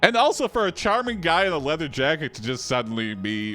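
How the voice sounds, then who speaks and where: A man's voice: a little high, a little fast, hardly any pauses, sharp tone, soft background music. A man hosting a live stream, reacting to an AI story with jokes and frequent laughter. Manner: joking, reactive, laughs often. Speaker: host and game player. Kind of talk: live-streamed game commentary.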